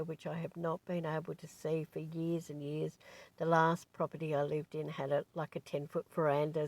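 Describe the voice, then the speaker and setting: A woman's voice: deep voice, darkish tone. A woman, a spiritual teacher, talking in a chatty, digressive way, full of asides. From Australia. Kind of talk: casual rambling monologue.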